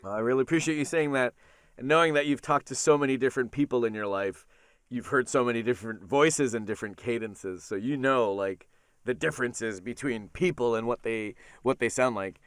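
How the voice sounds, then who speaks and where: A man with a smooth, dry voice. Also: medium pitch, brisk, dry recording. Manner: earnest and grateful, with frequent fillers. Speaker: voice actor guest. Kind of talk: casual interview chat.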